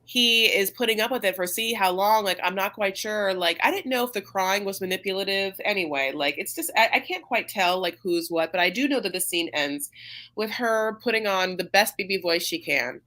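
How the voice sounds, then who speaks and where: A woman's voice: mid-range voice, moderate pace, pushed and bright. Rambling, chatty woman co-host. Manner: chatty, rambling, with many fillers and restarts. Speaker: podcast co-host recapping a reality show. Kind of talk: casual chat.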